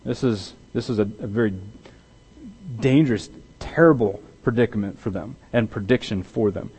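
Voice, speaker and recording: A pastor delivering a conversational sermon, often restarting his sentences and growing animated when he acts out what is said. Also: fairly low pitch, moderate pace, breathy edge, poor audio. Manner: conversational with repeated restarts, grows loud and animated in dramatized quotes.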